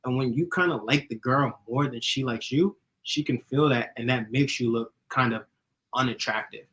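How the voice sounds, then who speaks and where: Giggly fast-talking young man. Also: mid-range voice, a bit bright, poor audio. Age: young adult. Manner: fast, giggly, laughs often. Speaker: YouTuber giving dating advice. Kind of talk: casual chat.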